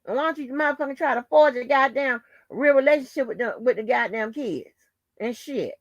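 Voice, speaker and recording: A woman's voice: high-pitched, fairly quick, no echo, muffled recording. A woman hosting her own channel, delivering a heated, profanity-laden rant full of taunts and insults. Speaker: channel host. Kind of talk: angry profane rant to the camera.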